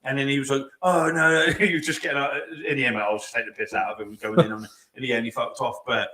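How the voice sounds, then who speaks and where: A man's voice: mid-range voice, racing, sharp tone. A man chatting casually as a podcast co-host, swearing freely and acting out arguments in a rambling way. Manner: profane, rambling, acts out arguments. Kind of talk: casual chat.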